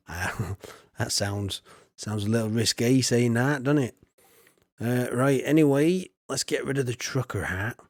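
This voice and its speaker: A man's voice: medium pitch, unhurried, no room sound, studio quality. A man, casually commenting while streaming a farming game, chatty and jokey as he reads chat aloud.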